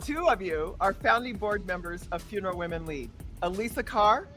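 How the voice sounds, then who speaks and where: A woman's voice: mid-range voice, expressive, normal speed, a bit bright, soft background music. A woman hosting a podcast, chatting with guests in an upbeat, enthusiastic way. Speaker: podcast host. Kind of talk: casual podcast chat.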